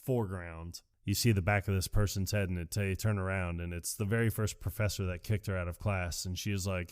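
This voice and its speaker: A man co-hosting a podcast, casually retelling a movie's plot and acting out the characters' lines in quick put-on voices. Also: fairly low pitch, a little mellow, no echo, clean studio sound. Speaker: podcast co-host. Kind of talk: casual movie recap chat.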